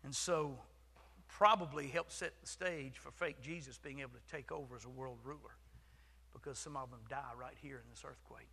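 A man preaching a sermon as pastor, swinging from shouting to hushed whispers. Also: mid-range voice, normal speed, breathy edge. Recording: long hall reverb.

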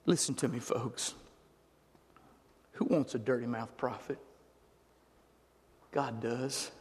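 A pastor preaching a fervent sermon, swinging from shouts down to near-whispers. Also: male voice, mid-range voice, fairly even intonation, takes it slowly, pauses often, breathy edge. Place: church sanctuary. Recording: long hall reverb.

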